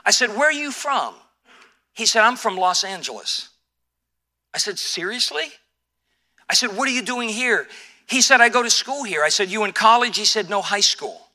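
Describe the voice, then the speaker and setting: A male pastor, older, preaching a sermon and telling a personal story, animated, with frequent restarts and fillers. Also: high-pitched, moderate pace, long pauses.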